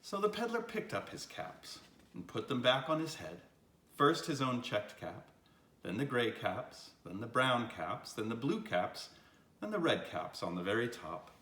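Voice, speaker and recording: Older man, grandfatherly picture-book reader, lively bright voice, roomy echo. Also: mid-range voice, measured pace. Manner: expressive, swooping read-aloud delivery. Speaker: storyteller reading to children. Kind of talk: picture-book read-aloud.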